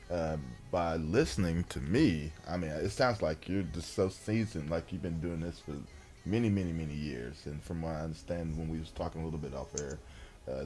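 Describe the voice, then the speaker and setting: A man hosting a radio talk show, upbeat and chatty, with lots of "uh"s as he introduces people. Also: sits low. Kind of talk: casual chat.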